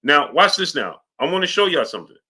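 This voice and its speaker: Bright-voiced man hosting a live boxing stream. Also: on the high side, quick pace, breathy edge. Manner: animated, repetitive, asks "right?" often. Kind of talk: live-stream commentary, reading super chats.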